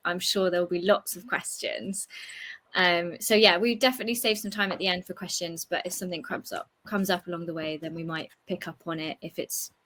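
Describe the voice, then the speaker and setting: A young woman from the United Kingdom, an academic hosting a relaxed interview, chatty and animated with lots of "like". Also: fairly low pitch, a little fast. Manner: chatty, animated, uses "like" a lot.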